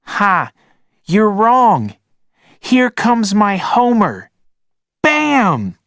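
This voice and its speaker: A man voicing an excited six-year-old boy shouting in a playground game. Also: very slow, dry recording, clean studio sound, heavily acted. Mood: shouting playfully. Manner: shrill, shouty playground taunting. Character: excited small boy playing Sandman.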